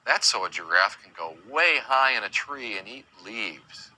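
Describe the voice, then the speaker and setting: A man teaching young children about animals in a slow sing-song way, imitating animal sounds and asking them questions. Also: on the low side, animated, bright, forceful tone, poor audio. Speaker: children's educator.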